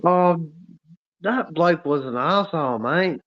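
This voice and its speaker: Over tinny, phone-like audio, a man with a slightly high, expressive voice speaks without hurry while hosting a casual livestream. Warm and effusive, he reads out viewer comments and calls everyone mate and brother.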